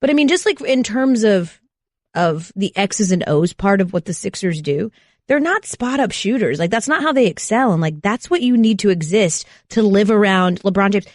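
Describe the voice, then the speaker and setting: Animated woman co-hosting sports radio. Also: mid-range voice, moderate pace, no room sound, clean studio sound. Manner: animated, teasing. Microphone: studio mic.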